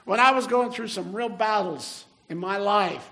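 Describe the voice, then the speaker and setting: Earnest older male pastor, high voice. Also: vocal fry, pushed and bright. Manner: earnest, rises in emphasis, slows on key phrases. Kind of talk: sermon.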